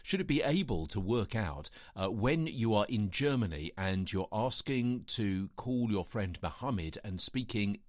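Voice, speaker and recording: Lively low-voiced male podcast host. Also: measured pace, few pauses, no echo, studio quality. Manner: reads out quotes with lively asides and fillers. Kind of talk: casual solo podcast commentary.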